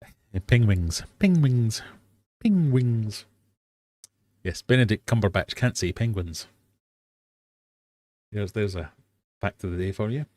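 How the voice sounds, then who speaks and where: Host, male, lowish voice, casual jokey quizmaster, dry close mic. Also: moderate pace, pauses often, no echo. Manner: chatty, jokey, self-deprecating. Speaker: host of a fishkeeping live stream quiz. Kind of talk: casual live-stream quiz hosting. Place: home fish room.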